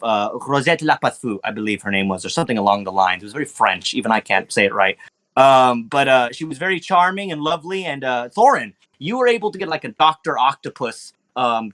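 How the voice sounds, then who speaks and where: A man's voice: mid-range voice, a bit bright. A man as dungeon master, recapping the last session for his players in a loose, casual way, full of ums and swearing. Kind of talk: recapping a tabletop game for players.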